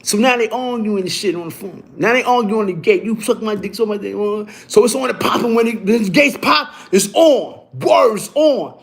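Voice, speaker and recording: A man telling a story casually, in animated and profane street talk that keeps restarting and repeating itself. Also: high-pitched, moderate pace, few pauses.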